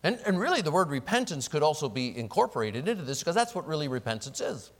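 Animated male preacher in an echoing hall. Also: fairly high pitch, fast talker. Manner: animated, acts out quoted prayers and apologies. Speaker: pastor. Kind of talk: sermon. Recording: long reverb of a large hall.

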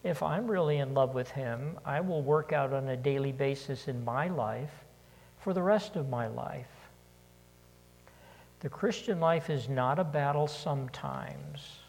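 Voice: medium pitch, unhurried, vocal fry, darkish tone. A preacher delivering an earnest sermon, repeating key questions for emphasis, in a large church. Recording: long hall reverb.

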